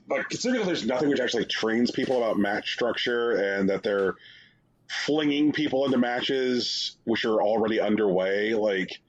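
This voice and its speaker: Husky-voiced man, sarcastic podcast rambling. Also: lowish voice. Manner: rambling, sarcastic storytelling with many fillers. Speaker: podcast co-host. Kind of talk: casual chat reviewing games. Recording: dull lo-fi sound.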